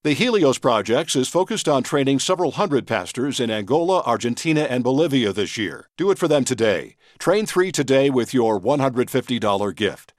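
A man's voice: medium pitch, very animated, normal speed, few pauses, dry recording, clean studio sound. A man announcer reading a scripted ad in an upbeat, promotional way. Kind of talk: scripted ad read. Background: faint music.

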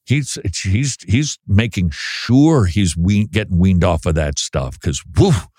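A man's voice: low-pitched, takes it slowly, darkish tone, no echo, studio quality. A man hosting a Christian talk show, chatting wryly and reading listener emails aloud. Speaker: Christian radio host. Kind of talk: casual talk show commentary.

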